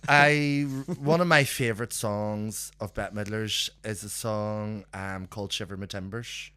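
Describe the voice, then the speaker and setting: A man, a guest on a casual podcast, telling stories in a lively, swearing way. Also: fairly low pitch, unhurried, clear, resonant tone, no room sound. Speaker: guest, drag performer.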